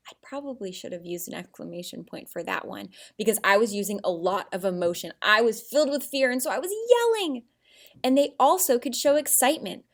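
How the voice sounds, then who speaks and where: A woman teacher giving an animated, expressive writing lesson to young children. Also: medium pitch, fairly quick.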